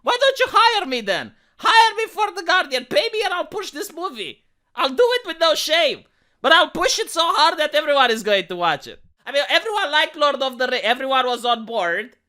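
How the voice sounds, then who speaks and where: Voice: high voice, big pitch swings, moderate pace, bright, forceful tone. A YouTuber giving an emphatic, profane and sarcastic rant in a video commentary.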